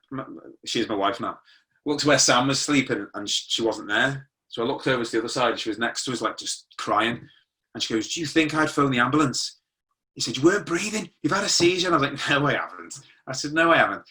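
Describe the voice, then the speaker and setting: Middle-aged man, ex-police sergeant, storytelling guest; bright, clear tone, mid pitch, chatty with restarts. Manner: conversational, with frequent restarts and quoted dialogue. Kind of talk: personal storytelling.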